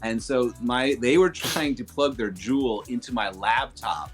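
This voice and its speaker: A man's voice: mid-range voice, unhurried, soft background music. A man co-hosting a casual stream chat, telling stories with frequent laughter. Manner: animated storyteller, laughs often. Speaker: co-host and DJ.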